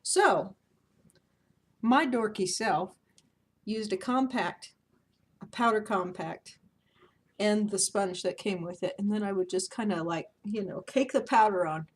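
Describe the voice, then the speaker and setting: A woman's voice: mid-range voice, unhurried, long pauses, breathy edge. A woman in her thirties talking casually to camera at home, chatty and self-mocking, often laughing. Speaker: beauty vlogger. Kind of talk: casual vlog chat.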